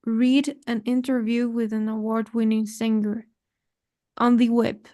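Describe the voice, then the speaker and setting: A woman's voice: a little high, level tone, unhurried, mellow. A woman learning English in a tutoring session, reading sentences aloud carefully and hesitantly. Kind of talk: lesson practice.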